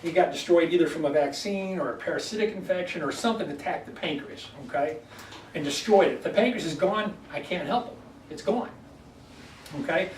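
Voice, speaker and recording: At a health workshop, a chiropractor with a high-pitched voice speaks to a live audience in a folksy manner, repeatedly asking "okay?" A distant mic picks him up across an echoey room, and a faint hiss lies beneath his voice.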